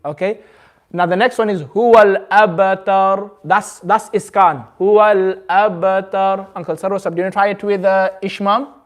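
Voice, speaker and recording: A man teaching a community class, patiently drawing out each word slowly, then explaining in quick bursts. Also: high-pitched, steady tone. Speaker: Quran recitation teacher. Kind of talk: hands-on group lesson.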